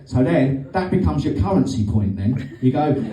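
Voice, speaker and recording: A man's voice: mid-range voice, expressive, normal speed, dark tone. A middle-aged man doing a rambling, sweary, sardonic stand-up comedy set on a club stage. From Britain. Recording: roomy stage sound from a distance.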